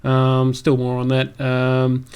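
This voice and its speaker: A man's voice: mid-range voice, monotone, slow pace, a little mellow, clean tone. Male podcast host, casual and chatty, prone to restarts, mid-range voice. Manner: chatty, rambling with restarts and fillers. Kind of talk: casual gaming podcast chat.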